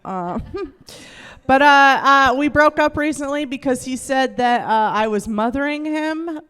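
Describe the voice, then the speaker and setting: A woman's voice: high-pitched, unhurried, a bit bright, big-room sound. A young woman comedian performing a stand-up set on a club stage into a handheld mic, rambling loosely, laughing, and acting out quotes.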